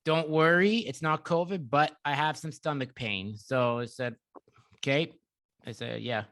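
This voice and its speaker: A man's voice: fairly high pitch, unhurried, a bit bright. Male podcast host recalling a memory. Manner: recounts a memory with quoted lines. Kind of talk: casual interview chat.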